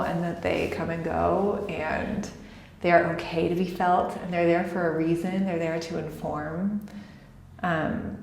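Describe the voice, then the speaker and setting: A woman guest in a casual interview, speaking earnestly and thoughtfully with occasional "um" pauses. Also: on the low side, roomy sound, poor audio. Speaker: guest, founder of a paint studio.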